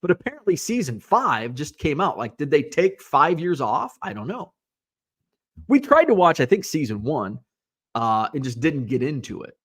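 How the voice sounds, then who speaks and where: A man's voice: a little high, very animated, normal speed. A man from Illinois hosting a podcast, chatting casually and rambling with lots of fillers and asides. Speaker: podcast host. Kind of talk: casual live-show chat, reading viewer comments.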